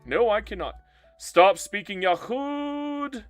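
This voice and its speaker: A man's voice: high voice, animated, slow pace, fairly bright tone, dry recording, faint music behind. A man live-streaming a strategy game and bantering playfully with his chat as he reads their messages aloud.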